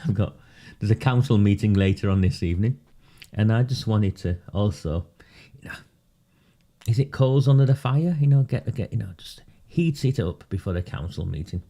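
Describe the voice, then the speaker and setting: A man's voice: on the low side, lively intonation, normal speed, warm tone. A man doing casual live commentary on local politics for his viewers. He talks in a sarcastic, mocking way and often breaks into laughter.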